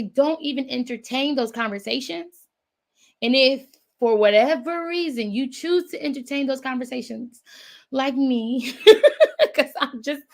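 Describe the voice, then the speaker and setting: A woman dating coach chatting casually to her viewers, animated and often laughing as she calls them y'all. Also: a little high, gravelly.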